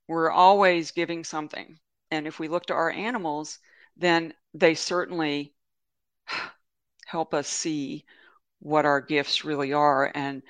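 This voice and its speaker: A woman hosting a show, talking casually and reading aloud in a heartfelt, gentle way. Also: low-pitched, no room sound. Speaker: host.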